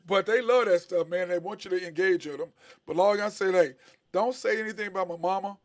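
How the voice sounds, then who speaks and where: A middle-aged man, a former basketball player, co-hosting a casual sports chat, telling stories animatedly and mimicking other people. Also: fast talker. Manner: animated storyteller, mimics others with big pitch jumps.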